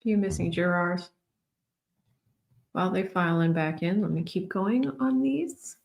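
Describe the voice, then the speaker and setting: A woman's voice: lowish voice, creaky. Chatty woman streamer reading super chats. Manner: chatty, laughs while telling stories. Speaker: trial-watch streamer. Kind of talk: casual live-stream chat.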